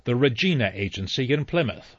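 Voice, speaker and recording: A man's voice: medium pitch, lively intonation, fairly quick, husky, dry recording. A man reading an audiobook, voicing an anxious, deferential middle-aged butler who pleads earnestly. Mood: pleading. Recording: slightly dull dry recording.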